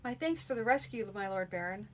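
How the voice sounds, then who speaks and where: A woman's voice: medium pitch, expressive, a little fast, slight background noise, close to an everyday voice. A woman voicing a guarded, humble male healer in a read-aloud fantasy story, polite and reserved.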